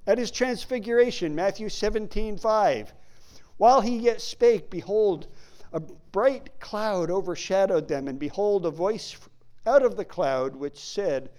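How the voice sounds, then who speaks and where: Male preacher, higher voice, unhurried and emphatic delivery, reads old-style Bible verses. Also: lively intonation, a little mellow. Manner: emphatic, slows to stress key words; reads King James verses aloud. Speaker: Bible teacher. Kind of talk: sermon with scripture reading.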